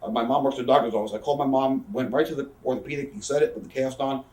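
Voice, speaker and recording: A man's voice: medium pitch, a little mellow, far from the mic. A man in his thirties, an interview guest telling profane stories and acting out what others said. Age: 30s. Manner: profane, rapid storytelling that acts out quoted people. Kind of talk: casual storytelling in a shoot interview. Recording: roomy echo, speaker off-mic.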